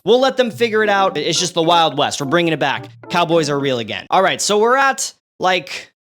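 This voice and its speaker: A young man giving a sarcastic, animated comedic commentary over a map, with big jumps in pitch for emphasis. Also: fairly quick. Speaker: online creator.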